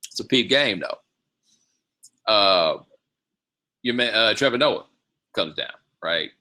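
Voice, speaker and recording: A man's voice: fairly low pitch, expressive, slow pace, bright, forceful tone. A man hosting his own show, telling loose, rambling stories in a casual, slangy way with frequent laughs. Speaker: podcast host. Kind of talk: casual storytelling monologue.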